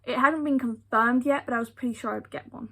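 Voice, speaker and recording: Gravelly, bright-voiced British woman. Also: a little high, fairly even intonation, brisk. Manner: emphatic, repeats phrases for effect. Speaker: vlogger. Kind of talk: storytime retelling.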